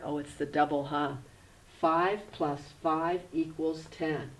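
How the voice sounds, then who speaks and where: A woman kindergarten teacher with a low voice takes her handwriting class through each letter step by step. She is gentle and patient and speaks in an unhurried way that leaves room for small children to follow. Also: little pitch movement, rough recording. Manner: patient, spells words out letter by letter; gentle, instructive. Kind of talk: handwriting lesson.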